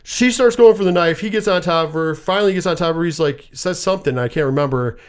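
This man talks fast in a fairly high, clear, resonant voice while recapping a film in a casual way. His retelling of the scenes is rambling and full of profanity.

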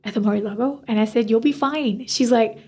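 A woman's voice: a little high, a little fast, breathy edge. A woman, a hairstylist, telling a story in a casual interview and acting out the dialogue. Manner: animated, acts out quoted dialogue. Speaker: hairstylist guest.

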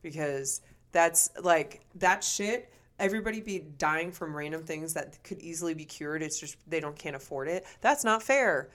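A woman's voice: deep voice, steady tone, normal speed, a bit bright. A young woman co-hosting a podcast, chatting casually and ranting bluntly with plenty of swearing. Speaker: podcast co-host. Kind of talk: casual chat.

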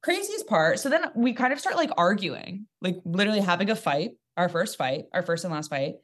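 Une femme comédienne, conteuse animée. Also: female voice, fairly low pitch. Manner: animated, joking storyteller with quick asides. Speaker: comedian guest. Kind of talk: casual storytelling chat.

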